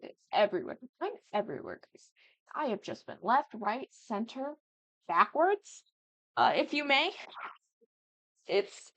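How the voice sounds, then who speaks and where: A 19-year-old woman rambles through a casual gaming chat, giggling and hopping between thoughts. Her mid-pitched voice comes through a dull, lo-fi mic in a dry, close room with no echo. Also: expressive, measured pace. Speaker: gaming YouTuber. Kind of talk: casual chat over gameplay. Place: at home.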